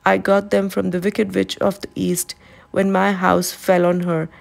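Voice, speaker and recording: A woman's voice: medium pitch, level tone, unhurried, vocal fry. A woman reading aloud, voicing a meek and earnest little girl who pleads to be sent home.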